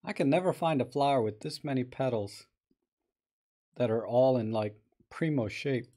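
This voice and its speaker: Hosting a live stream, a man edits photos sent in by viewers, chatting casually, thinking out loud and greeting people in the chat. His voice is warm and mid-pitched, at a moderate pace.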